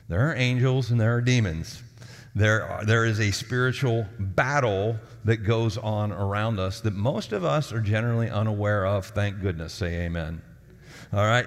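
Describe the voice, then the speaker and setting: Man, pastor, conversational sermon, storytelling, voice ringing through a big reverberant hall, mid-range pitch. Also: fairly bright tone. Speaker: lead pastor.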